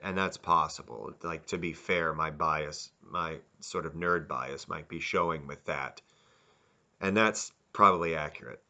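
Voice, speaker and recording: Low bright-voiced man rambling a review. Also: measured pace, lo-fi sound. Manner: rambling, self-correcting, candid. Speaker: video reviewer. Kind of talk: casual spoken review.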